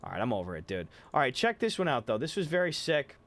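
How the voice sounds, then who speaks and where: A man hosting a livestream in casual chat, telling stories in an excitable, profane way. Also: medium pitch, quick pace. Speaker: livestream host. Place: home streaming room. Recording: music playing behind.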